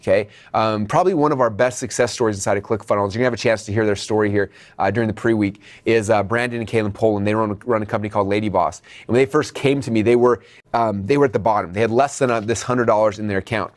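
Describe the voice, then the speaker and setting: Fast-talking upbeat male business coach. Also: lowish voice. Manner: energetic, direct, checks in with "okay?"; addresses viewers as "you guys". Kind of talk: motivational video training.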